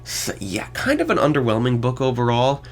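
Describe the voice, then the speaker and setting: A man's voice: mid-range voice, sing-song, a little fast. A man in his twenties hosting a solo podcast, reviewing films with casual commentary and sarcastic, wry asides. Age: 20s. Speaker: podcast host.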